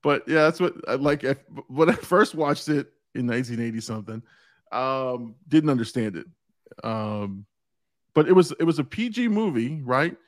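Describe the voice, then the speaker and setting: A man's voice: mid-range voice, expressive. A man hosting a live-stream show, chatting casually and laughing often as he talks. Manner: laughs often, quick restarts. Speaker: podcast host.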